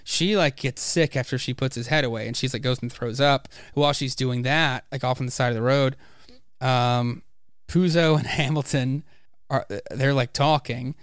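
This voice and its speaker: Smooth-voiced man retelling comics. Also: medium pitch, moderate pace, no room sound, clean studio sound. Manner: animated retelling, acts out characters' lines. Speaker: podcast host. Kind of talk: casual comic book discussion.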